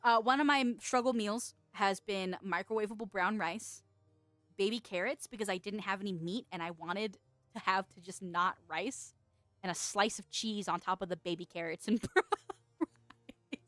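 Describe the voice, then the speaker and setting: A young adult woman streamer chatting casually and excitedly with her viewers, laughing often. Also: mid-range voice, normal speed, no echo. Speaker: streamer and VTuber. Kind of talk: casual livestream chat.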